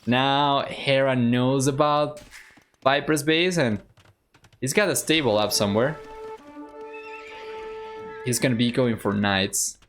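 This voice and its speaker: Argentine guy casting a strategy game live, laid back, chatting with chat, mid pitch, faint music behind. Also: takes it slowly, long pauses, fairly bright tone. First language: Spanish. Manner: easygoing, thinks aloud, chats with viewers. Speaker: game caster and streamer.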